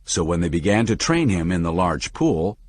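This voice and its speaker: A man reading the part of a calm, patient manager who explains ideas to a younger man with lively emphasis. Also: low voice, moderate pace. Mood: patiently explaining. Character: calm middle-aged male manager, patient teacher.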